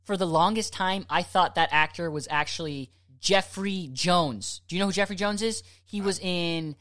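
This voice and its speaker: A woman co-hosting a podcast in casual chat, profane and excitable, often laughing. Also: on the low side, normal speed. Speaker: podcast co-host.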